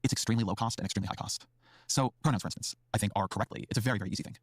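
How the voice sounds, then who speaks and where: A man's voice: on the low side, very fast, dry recording, studio quality. A man hosting an interview, curious and thoughtful as he lays out his views. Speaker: interview host. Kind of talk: interview talk.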